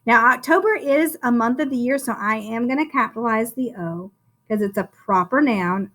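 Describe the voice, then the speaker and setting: A woman teaching a phonics lesson to first graders, sounding out words slowly and encouraging the children in a sing-song teacher voice. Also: on the high side, fairly bright tone. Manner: slow, drawn-out sounding out of words.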